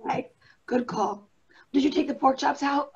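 Actress as tired mom peacemaker, high, gravelly, dull call audio. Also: female voice, moderate pace, darkish tone. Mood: weary. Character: weary working mother on lunch break.

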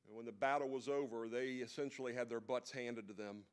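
A man preaching at a church men's breakfast. His voice sits at an ordinary middle pitch. He retells the story in a relaxed, conversational way and drops in casual asides. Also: brisk, smooth. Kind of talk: sermon.

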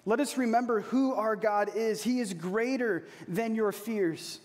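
A man preaching a sermon as pastor, earnest, slowing down to repeat key phrases. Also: high voice. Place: church hall. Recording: long reverb of a large hall.

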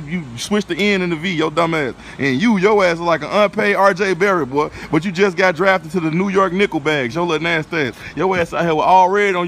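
A man's voice: high voice, a bit bright, a little hiss or hum. A man delivering a brash comic roast, piling on insults and repeating "boy".

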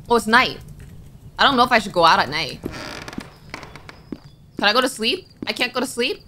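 A young woman giving let's-play commentary, jumpy and excitable, quick to panic and squeal at scares. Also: mid-range voice, a little hiss or hum. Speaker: gaming YouTuber.

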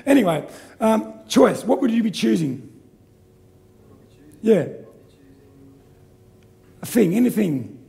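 A middle-aged man giving a live seminar talk, energetic and joking as he quizzes the audience. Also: high-pitched, slow, vocal fry, pauses often. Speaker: seminar presenter.

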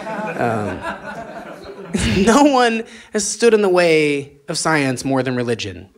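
Rambling stand-up comedian, lively pitch. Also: male voice, a little slow. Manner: rambling, absurd, laughing at his own jokes.

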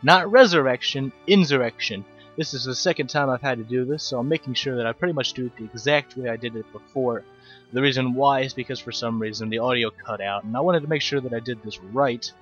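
A man's voice: medium pitch, fast talker, a bit bright, lo-fi sound, soft background music. A young man giving casual, rambling video game commentary, mocking himself and swearing easily. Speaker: let's play commentator.

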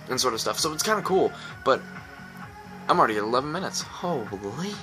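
A man's voice: medium pitch, lively intonation, quick pace. A young man rambling into his webcam, worn out from lack of sleep, hyper and goofy, slipping into silly voices. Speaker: gaming YouTuber. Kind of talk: rambling casual vlog talk. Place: indoors at home, at night into dawn. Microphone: webcam close to the face. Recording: music playing behind.

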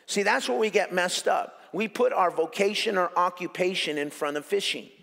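In an echoey church hall where his voice rings with long reverb, a male pastor preaches an animated sermon, cracking jokes and hammering phrases through repetition. His voice is high for a man with a gravelly rasp, at a moderate pace.

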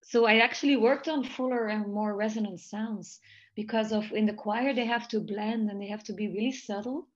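A Belgian-accented woman talks through vocal technique over a video call, thoughtful and analytical. Her voice sits at an ordinary middle pitch for a woman. The call audio is slightly dull and muffled. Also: fairly even intonation, normal speed. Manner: thoughtful, analytical, light laughs between points. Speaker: jazz voice teacher and researcher. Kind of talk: online interview, analyzing singing technique.

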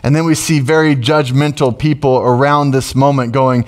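A middle-aged man preaching a sermon as pastor, conversational and emotional, with sudden loud rises. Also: medium pitch, fairly even intonation, moderate pace.

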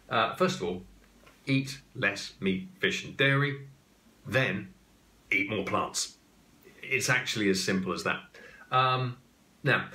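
English guy rambling with jokes, low voice but sharp bright edge, roomy echo. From England. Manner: chatty, joking asides and digressions. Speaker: podcast host. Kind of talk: casual explainer talk. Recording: echoey room.

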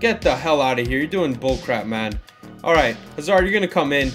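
A young man commenting live on his own football video game match, excitable, with frustrated outbursts and shouts at big moments. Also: mid-range voice, a little fast, faint music behind. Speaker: gaming YouTuber.

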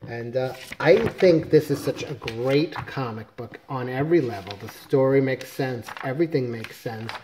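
A man's voice: mid-range voice, normal speed, few pauses, noisy background. A man casually reviewing a comic book, rambling with self-corrections and jokey asides.

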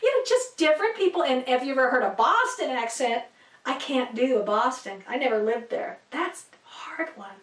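High-voiced lady rambling through a bible lesson, lots of ums, roomy echo, sounds a bit off-mic. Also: lively intonation, normal speed. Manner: rambling, chatty, many fillers and asides. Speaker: Bible teacher. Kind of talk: casual teaching to camera. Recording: echoey room, distant from mic.

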